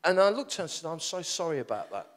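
A middle-aged man, preaching in a storytelling sermon, animated and self-deprecating, rambling with restarts. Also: on the high side, fast.

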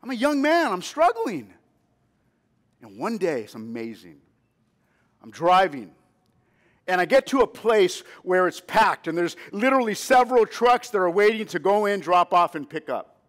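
A man's voice: high-pitched, sing-song, normal speed. A man in his fifties preaching a sermon as pastor, telling a personal story and asking the congregation to say amen. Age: 50s. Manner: storytelling, drops to a hush then rises to emphatic calls; asks the congregation for responses.

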